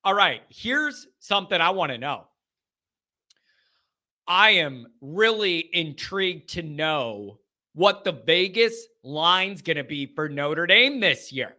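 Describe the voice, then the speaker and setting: A man's voice: a little high, animated, slow, bright, forceful tone. A man hosting a college football show, giving casual, emphatic commentary with a sarcastic edge.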